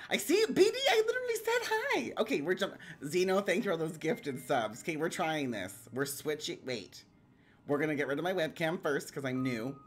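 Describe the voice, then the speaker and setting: A woman hosting a live stream, excitable and bubbly, rambling casually and giggling often. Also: low voice, slightly rough. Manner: rambling, lots of "like" fillers. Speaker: streamer hosting a round table.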